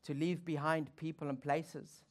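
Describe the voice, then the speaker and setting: Lively, playful preacher. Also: unhurried. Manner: lively, swings from loud and high to low and quiet; playful asides and wry humor. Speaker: pastor. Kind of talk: sermon.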